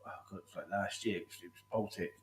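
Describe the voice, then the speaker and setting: A man hosting a casual podcast chat, rambling and swearing freely, calling his guest "mate". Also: low-pitched. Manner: rapid, rambling, heavy swearing, lots of "mate". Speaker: podcast host.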